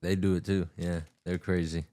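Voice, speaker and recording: Deep-voiced young man, dry sound. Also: level tone, mellow, no room sound. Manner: halting, starts and restarts phrases. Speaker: podcast co-host. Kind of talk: casual chat.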